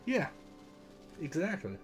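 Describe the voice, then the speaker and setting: A man's voice: fairly high pitch, wildly swooping pitch, slow, faint music behind. Rambling, self-deprecating man streaming. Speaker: streamer voicing a game. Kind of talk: casual livestream commentary.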